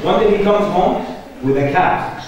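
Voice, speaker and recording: A man delivers a religious lecture at a conference, mixing jokes into his points and checking in with the crowd as he goes. His voice sits a little high for a man. It comes across from far off, washed in heavy hall echo, with faint background noise. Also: measured pace, muffled recording. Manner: joking, conversational, addresses audience directly. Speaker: conference speaker. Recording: echoey hall, picked up from far off.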